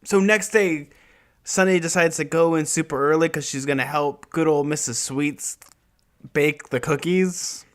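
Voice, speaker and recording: A man's voice: on the high side, unhurried. A man from America co-hosting a podcast, recapping a book in casual chat with easygoing, mock-dramatic reactions. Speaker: podcast co-host.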